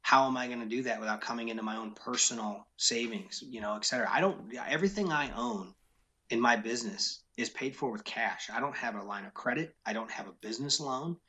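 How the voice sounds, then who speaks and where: A man's voice: medium pitch, a little fast, sharp tone. A man who owns a business, talking frankly and emphatically in a casual interview, often repeating his key points. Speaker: business owner.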